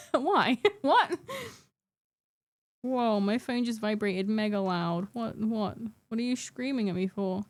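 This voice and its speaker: A woman's voice: fairly high pitch, lively intonation, slow. A young adult woman chatting casually with her live-stream chat while painting miniatures, giggling and bantering playfully.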